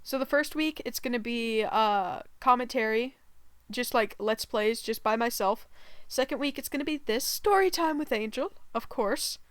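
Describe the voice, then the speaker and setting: A woman's voice: fairly high pitch, normal speed, fairly bright tone, no room sound. A woman hosting a casual storytime vlog, giggly and rambling with many fillers. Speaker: gaming channel host.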